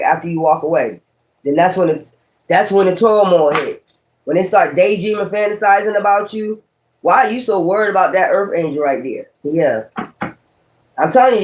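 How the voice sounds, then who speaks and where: A man doing a casual tarot reading, talking in a blunt, profane, rambling and preachy way. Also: sits high. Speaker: tarot reader.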